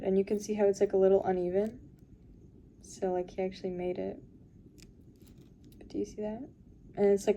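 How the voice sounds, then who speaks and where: A young woman sorts through her makeup and purse in a casual confessional vlog, rambling wearily with plenty of fillers. Her mid-range voice is mellow, and a little hiss or hum can be heard.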